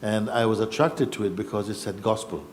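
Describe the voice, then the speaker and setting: A man, a spiritual teacher telling his own story in a reflective, unhurried way with pauses and restarts. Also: lowish voice, fairly even intonation, darkish tone, a little hiss or hum. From Jamaica. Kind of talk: personal storytelling.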